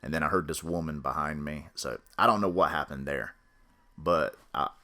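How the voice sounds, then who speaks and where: A man with a very low voice tells a personal story on a podcast. He rambles along in a matter-of-fact way and keeps circling back with fillers and restarts. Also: normal speed, pushed and bright. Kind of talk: casual spoken storytelling.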